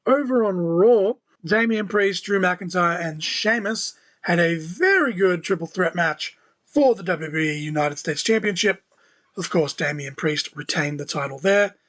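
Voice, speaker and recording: Guy doing a solo podcast, kinda higher voice, rambly, lots of "you know", dry sarcasm here and there. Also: unhurried, a bit bright. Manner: conversational, many "you know" fillers, dry sarcastic asides. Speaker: podcast host. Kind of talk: solo wrestling news podcast.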